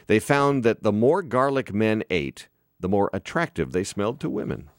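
A man's voice: lowish voice, normal speed, no echo, clean studio sound. A man hosting a radio talk show, bantering casually and poking fun at himself. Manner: self-deprecating, jokey, animated. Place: radio studio.

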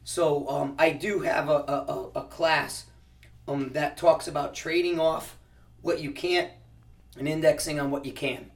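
Recorded from a distance, a man with a somewhat high, steady voice speaks at a measured pace. He teaches precision rifle shooting and answers interview questions casually, explaining through practical analogies and often restarting his sentences.

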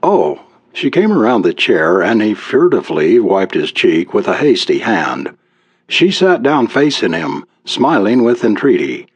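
A man reading a story aloud as an audiobook narrator, in a measured storytelling manner. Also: on the low side, sing-song, breathy edge, no room sound, muffled recording.

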